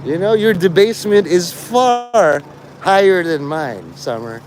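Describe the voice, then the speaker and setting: A man's voice: high-pitched, animated, a little slow, a little hiss or hum. A man livestreaming to his chat, rambling and teasing people in crude, mocking talk.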